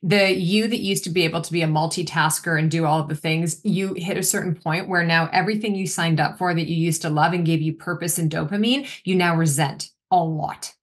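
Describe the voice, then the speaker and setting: Woman in her forties, fairly low voice, energetic guest, casual interview pace. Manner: energetic, quick, acts out quotes of clients. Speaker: nutritionist guest.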